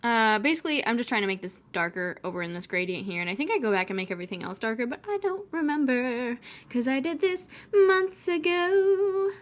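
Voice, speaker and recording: A woman's voice: fairly high pitch, animated, a little fast, hardly any pauses. Chatty young woman rambling in a voice-over. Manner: chatty, rambling, wry and sarcastic. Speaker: vlogger.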